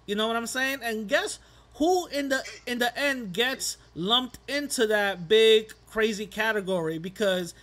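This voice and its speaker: A man's voice: high voice, expressive, measured pace, a bit bright. A man hosting a podcast, talking earnestly in a casual interview conversation, rambling a little. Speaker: podcast host.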